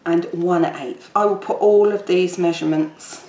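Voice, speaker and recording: A woman with a lowish, mellow voice and fairly even intonation chats unhurriedly while demonstrating a papercraft project. She's a papercraft tutor, rambling as she works in a casual crafting tutorial. The room is echoey with faint background noise.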